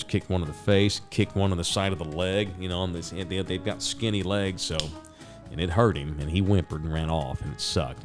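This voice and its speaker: A man's voice: low-pitched, a little mellow. A middle-aged man telling a story as a host, casual, rambling and profane, with sound effects.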